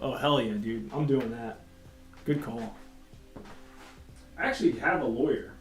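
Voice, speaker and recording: A man's voice: mid-range voice, measured pace, long pauses. Laid-back, rambling male streamer, roomy sound. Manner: laid-back, rambling, profane, laughs often. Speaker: comic artist livestreaming while drawing. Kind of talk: casual chat. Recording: roomy echo, faint music behind.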